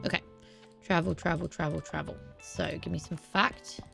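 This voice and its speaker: A woman casually chatting through a cozy video game, gushing excitedly over a pet dog. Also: deep voice, moderate pace, creaky, soft background music. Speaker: gaming YouTuber. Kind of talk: casual let's-play commentary.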